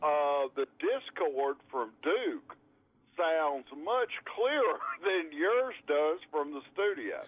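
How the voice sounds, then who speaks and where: A man's voice: on the high side, lively intonation, slow pace, no echo. A man calling in to a radio-style talk show, rambling and wry, repeating himself as he talks. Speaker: caller. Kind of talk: casual chat on a call-in show. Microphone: phone. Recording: tinny phone line.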